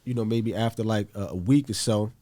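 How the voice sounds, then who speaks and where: A man's voice: fairly low pitch, brisk, dark tone. A man from Newark, New Jersey, a podcast guest telling a story in casual, blunt, profane talk and acting out the voices he quotes.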